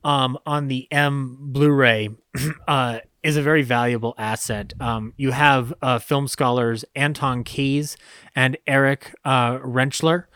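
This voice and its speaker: A man's voice: mid-range voice, steady tone, slow pace, a bit bright, clear, resonant tone, no echo, studio quality. A man co-hosting a podcast, talking casually about old films with many fillers and frequent laughs. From United States. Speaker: podcast co-host. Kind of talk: casual film discussion.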